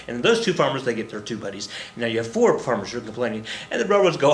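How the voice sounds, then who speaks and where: A man's voice: medium pitch, animated, rapid-fire, few pauses, a bit bright, echoey room. A man teaching a casual recorded history lesson, rambling and jokey, muttering to himself and acting out the people he quotes.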